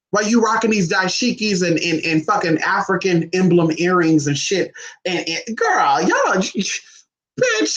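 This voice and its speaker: Brief: foul-mouthed, sassy vlogger monologue, mid-pitched voice, jumps from low grumbles to squealing highs. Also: fairly bright tone, poor audio. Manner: sassy, profane, teasing asides; big swings between low mutters and high squeals. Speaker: vlogger on spiritual history. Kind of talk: casual ranting monologue.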